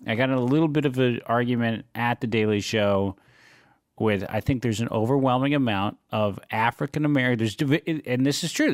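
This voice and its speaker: A man's voice: medium pitch, dry recording, studio quality. A middle-aged man in casual chat, making his points in an emphatic, opinionated way. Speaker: podcast co-host.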